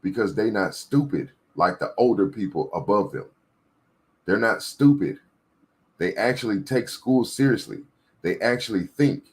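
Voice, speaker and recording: A man with a very low voice that carries a husky edge gives a political rant. He hammers points home by repeating them and keeps checking in with whoever is listening. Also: lively intonation, a little slow. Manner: emphatic, repetitive, preachy. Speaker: political commentator. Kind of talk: ranting commentary.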